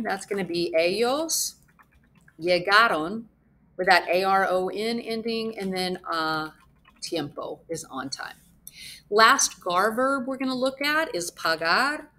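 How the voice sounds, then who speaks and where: Her voice mid-range and sharp, a young woman teaches Spanish in a recorded lesson with on-screen writing. She works through each step, spelling out the letters she writes while muttering little asides.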